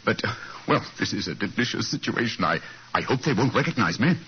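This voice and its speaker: A man playing a crisp detective. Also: fairly low pitch, expressive, brisk, natural voice. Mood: amused. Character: brisk, confident British detective. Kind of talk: 1940s radio acting. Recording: muffled 1940s radio broadcast, faint hiss.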